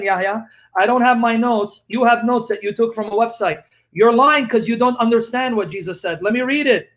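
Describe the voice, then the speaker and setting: A man's voice: extremely high pitch, fairly bright tone. A man debating heatedly, accusing his opponent of lying and reading scripture aloud to refute him. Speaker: Christian debater.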